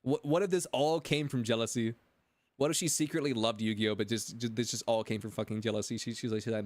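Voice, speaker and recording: A man's voice: mid-range voice, steady tone, fast, darkish tone, no echo. A male streamer telling a rambling story in casual chat, stammering and repeating himself as he goes.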